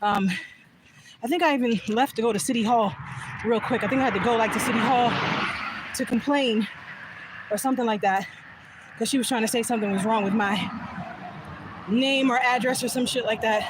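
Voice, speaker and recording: A woman's voice: fairly high pitch, fairly quick, pauses often, very noisy. A woman telling a personal story in a vlog, candid and laughing often, recorded on a phone in a car. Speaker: vlogger.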